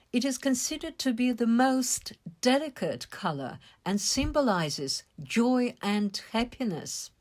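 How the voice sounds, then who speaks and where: A woman giving an English vocabulary lesson, explaining words slowly and carefully and stressing syllables. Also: fairly high pitch. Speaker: English teacher.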